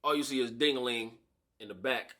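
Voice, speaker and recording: A man telling a story in a casual storytime vlog, slangy and animated, acting out the people in the story, recorded on a camera-mounted shotgun mic. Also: mid-range voice, fairly quick. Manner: animated, slangy, acts out the voices of people in his stories.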